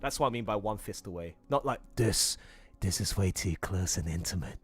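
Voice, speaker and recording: A man hosting a live stream in casual chat, excitable and laughing a lot. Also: moderate pace, husky, faint music behind. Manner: excitable, laughing, swooping pitch. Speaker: host.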